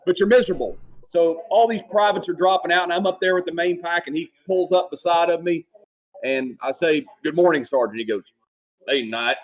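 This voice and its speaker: A man, a former Marine sergeant, telling profane, animated stories from his service days. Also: sits high, rough recording. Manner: profane, animated war storytelling. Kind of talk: casual storytelling.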